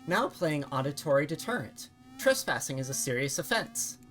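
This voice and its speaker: A woman voicing an automated ticket kiosk that speaks in a flat, officious way. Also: low-pitched, moderate pace, faint music behind. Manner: monotone, officious.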